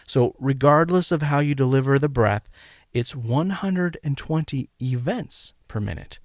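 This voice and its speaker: Man giving a dry, measured medical lecture. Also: mid-range voice, dry recording. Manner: measured, emphatic teaching delivery with rhythmic counting. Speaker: podcast host and medical educator.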